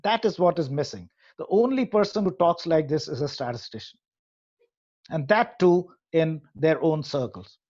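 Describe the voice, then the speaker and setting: A man's voice: fairly high pitch, a little mellow, lo-fi sound. A man, head of an AI hub, giving a presentation in an earnest lecturing way with frequent hesitations. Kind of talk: presentation to an audience.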